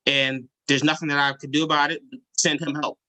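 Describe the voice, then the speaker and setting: Man, earnest testimony, bright forceful tone, hesitant, fillers. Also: a little high, little pitch movement, brisk, low-quality recording. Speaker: 911 specialist, testifying. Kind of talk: legislative hearing testimony. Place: legislative hearing.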